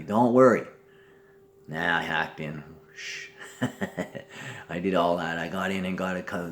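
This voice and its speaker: Guy with a lowish voice rambling on, cussing, talking to family who aren't there. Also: fairly bright tone. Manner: rambling, profane, jumps between topics; talks to absent relatives as if present. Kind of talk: rambling spoken monologue.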